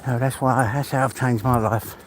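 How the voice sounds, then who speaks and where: A man's voice: medium pitch, steady tone, normal speed, a little hiss or hum, poor audio. An older man, chatting casually and heartfelt on a live stream, rambling and laughing often. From England.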